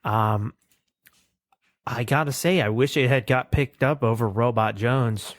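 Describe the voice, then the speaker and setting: A man's voice: mid-range voice, unhurried, no room sound, clean studio sound. A man co-hosting a podcast, casually retelling a cartoon and jumping into voices for the characters. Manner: animated retelling, acts out lines. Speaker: podcast co-host. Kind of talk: casual chat, recapping a cartoon.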